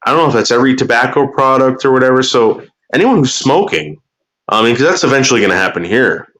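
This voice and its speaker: Talking fast and expressively, this man has a mid-range, fairly bright voice. He's rambling to his chat during a casual livestream, swearing frequently and doubling up words at the start of his sentences.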